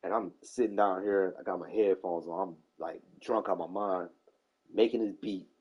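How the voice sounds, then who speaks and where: A man in his forties in casual chat, telling profane stories in a lively way and acting out the people in them. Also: deep voice, normal speed, breathy edge, muffled recording. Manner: animated storyteller, profane, acts out quoted people.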